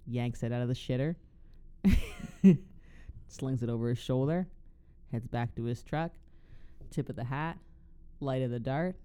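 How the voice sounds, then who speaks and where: A man's voice: mid-range voice, unhurried, long pauses, dark tone, smooth. A man co-hosting a podcast, animatedly retelling a film scene in casual chat, swearing a lot and using plenty of fillers. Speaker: podcast co-host.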